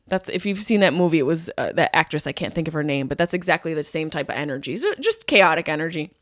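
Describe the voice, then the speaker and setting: A woman in her thirties hosting a podcast, riffing through a profane, animated comedic monologue. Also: lowish voice, dry recording, clean studio sound. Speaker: podcast host.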